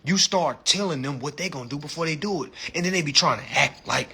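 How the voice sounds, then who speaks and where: A man hosting a livestream in a blunt, animated, profane rant, talking into a phone. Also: on the high side, fast talker, gravelly, slight background noise. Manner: animated, blunt, heavy swearing, laughs at own stories. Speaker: social media livestream host.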